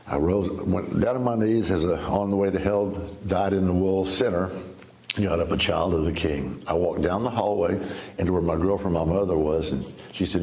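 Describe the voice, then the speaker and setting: Gravelly deep-voiced older man telling a story. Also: brisk, darkish tone, reverberant. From Texas. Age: 70s. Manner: folksy storyteller, laughs, restarts, acts out quotes. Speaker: interview guest. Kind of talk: personal testimony in a sit-down interview.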